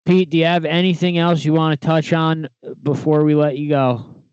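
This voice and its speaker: A man's voice: a little high, flat delivery, moderate pace, a little mellow, smooth, no room sound, lo-fi sound. A man co-hosting a podcast in casual chat, asking curious, easygoing questions.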